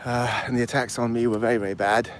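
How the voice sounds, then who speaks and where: Walking uphill outside, a man from England in his fifties chats casually on a live stream, breathless, with a mixed English accent. His medium-pitched voice moves fast with little pitch movement; he rambles and reads out replies to chat comments over slight background noise.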